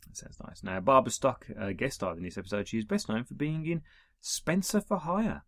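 A man's voice: mid-range voice, animated, fairly quick, dry recording, studio quality. A man reading through an episode guide in a casual way, adding wry asides and small chuckles. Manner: reads listings, adds wry chuckling asides.

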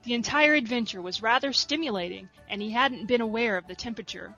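A woman reading a story aloud in a soft, steady narration. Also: on the high side, quick pace, muffled recording, faint music behind. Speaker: reader.

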